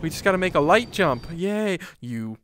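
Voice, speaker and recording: A man commenting on a VR rollercoaster game, swearing, pleading and laughing, with frequent swings into panicked yelling. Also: fairly high pitch, sing-song, normal speed, a little hiss or hum. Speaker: gaming YouTuber. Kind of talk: VR gameplay commentary.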